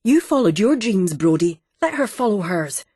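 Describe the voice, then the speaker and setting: A woman voicing a calm, patient middle-aged wife who soothes her husband with soft, gentle teasing in an audiobook. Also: medium pitch, normal speed, husky, no echo, clean studio sound, voice pushed up. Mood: soothing.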